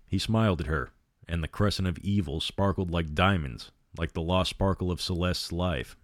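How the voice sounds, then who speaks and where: A man reads a horror story aloud in a steady, measured way. His voice is very low and deep. The sound is dry and close, with no echo. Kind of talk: reading a novel aloud.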